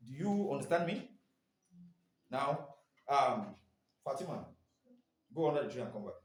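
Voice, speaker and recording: A man's voice: mid-range voice, very animated, unhurried. A man training teachers in phonics, quizzing the class with repeated "what?" questions. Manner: quizzing, asks "what?" and waits for answers. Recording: echoey room, mic far off.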